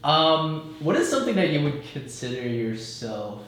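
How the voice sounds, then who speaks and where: A man hosting a casual podcast interview, asking loose questions and backing up his guest with quick affirmations. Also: a little high, big pitch swings, fairly bright tone, very echoey, poor audio. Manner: encouraging, affirming, loose phrasing. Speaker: podcast host.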